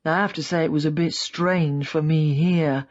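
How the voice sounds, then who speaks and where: Female narrator doing a rueful ex-spy, middle-aged man, halting confession, lowish voice, dull lo-fi audio. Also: fairly even intonation, natural voice. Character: weary middle-aged former secret police man.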